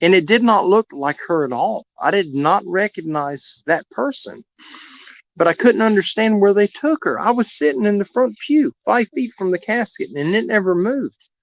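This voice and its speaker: With a voice that sits high, lively intonation and some vocal fry, this animal rescue streamer talks at a moderate pace. He rambles earnestly through a heartfelt personal story for his viewers. There's no room sound, just dull lo-fi live stream audio.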